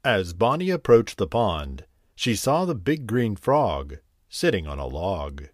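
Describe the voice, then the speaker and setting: A man narrating a bedtime story, gentle and very slow. His voice sits fairly low but moves through lively swings in pitch. The sound is dry and close, with no room around it. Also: no room sound. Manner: gentle, unhurried, expressive reading.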